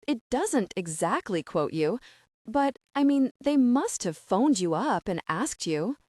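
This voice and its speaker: A woman's voice: on the high side, sing-song, slow pace, darkish tone, no echo, clean studio sound, pitched above the performer's own voice, exaggerated voice. A woman voicing an indignant, flustered young woman who gets defensive and stammers, in an audiobook reading.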